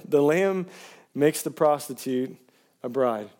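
A man preaching a sermon to his congregation at a live church service, energetic and casual, laughing between phrases and calling out for responses from the room. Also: a little high, slow pace. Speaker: pastor.

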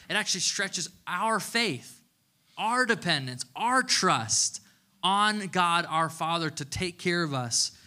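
Bright-voiced man preaching conversationally. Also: a little high. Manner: casual, chatty storytelling with playful humor. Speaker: pastor. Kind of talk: conversational sermon.

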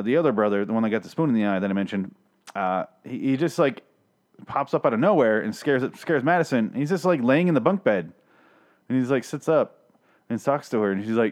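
Man, casual rant, sarcastic, swears a lot, middle pitch, exasperated TV recap. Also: lively intonation, moderate pace. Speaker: podcast host reviewing a TV episode.

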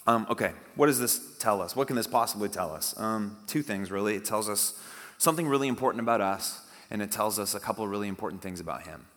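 A man's voice: fairly low pitch, fast, fairly bright tone. A man pastor giving a conversational sermon, reading scripture aloud with dramatic emphasis. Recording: long hall reverb.

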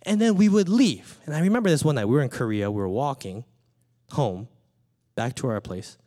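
A pastor delivering a sermon, a man in his thirties who tells stories from his own life. His pitch swoops and rises as he talks. He keeps an animated, playful storytelling manner. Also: brisk. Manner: animated storytelling, acts out his small daughter's lines.

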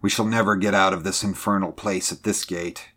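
A man voicing a gruff, hot-tempered male ship's mate from an old sea story, who growls and barks at the crew. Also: deep voice, steady tone, a little fast, bright, forceful tone, heavily acted. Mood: growling. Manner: growling, barking orders.

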